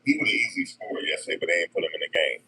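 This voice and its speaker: A man, talking casually and deadpan to his viewers, musing and repeating himself in slangy speech. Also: very deep voice, very fast, slightly rough. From New Jersey, USA. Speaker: vlogger. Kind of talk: casual rambling monologue.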